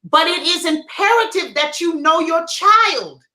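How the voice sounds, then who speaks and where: A middle-aged woman co-hosting a casual chat, telling stories in an animated, emphatic way. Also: extremely high pitch, a little slow. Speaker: co-host. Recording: echoey room.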